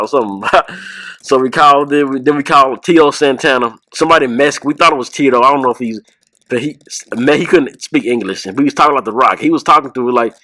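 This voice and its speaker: A man's voice: medium pitch, quick pace, sharp tone, dry recording, poor audio. Laid-back man telling stories. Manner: rambling, laughing, imitates voices in stories. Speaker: podcast host. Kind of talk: casual podcast storytelling.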